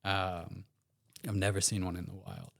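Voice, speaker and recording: A man with an American accent talks as a guest on a podcast, in a casual storytelling manner that wanders and restarts. His voice sits somewhat low. He fills pauses with loose, easygoing asides. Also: gravelly. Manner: relaxed, rambling, many fillers and restarts.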